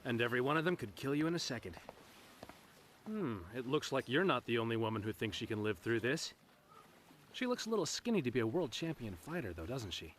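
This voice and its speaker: A skeptical cop in an animated film. He talks in a dry, wry way. His pitch moves around a lot. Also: a little fast, slight background noise.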